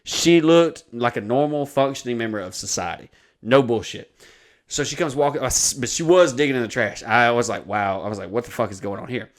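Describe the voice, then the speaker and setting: A man's voice: medium pitch, lively intonation, fairly quick. A man, hosting a podcast and telling a crude, rambling story in casual chat. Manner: profane, rambling anecdote-telling. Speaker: podcast host.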